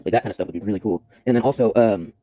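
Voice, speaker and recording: A man's voice: fairly low pitch, racing, warm tone, dry recording, poor audio. A man explaining things casually on a vlog, rambling and self-interrupting, with many fillers. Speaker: YouTuber.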